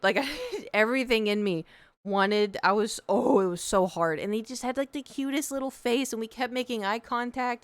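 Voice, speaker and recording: A young woman tells a story on her stream, chatty and animated, jumping in and out of quoted voices. Her voice is smooth and clear, with a dry, close sound. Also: fairly high pitch, normal speed, no echo. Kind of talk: casual storytelling on a livestream.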